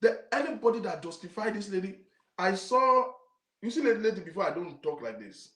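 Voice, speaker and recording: This Nigerian-accented man, hosting his own show, delivers an indignant rant to viewers, repeating himself and weaving in Yoruba. His voice sits high and sounds pushed and bright, very animated and fairly quick. An echo from the room colors the audio.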